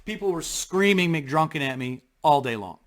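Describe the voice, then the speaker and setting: Animated man telling a rambling story. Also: on the high side, moderate pace. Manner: animated, acts out voices and rambles with restarts; blunt with casual swearing. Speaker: vlogger telling a personal story. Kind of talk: casual storytelling.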